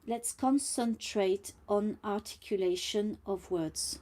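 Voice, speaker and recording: A woman talking casually and slowly about her own speech, with mucus in her throat and a blocked nose, stumbling over words and often dropping to a whisper. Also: medium pitch, darkish tone, slight background noise. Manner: slow and deliberate, often drops to a whisper. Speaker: vlogger. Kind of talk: casual personal monologue.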